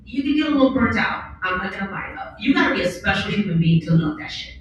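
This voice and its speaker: Woman, panel speaker, blunt, animated, cavernous echo, distant mic. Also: medium pitch, fast talker, highs cut off, a little hiss or hum. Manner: animated, candid, blunt, acts out quotes. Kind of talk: conference panel talk. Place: large event hall on a stage. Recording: echoey hall from far off.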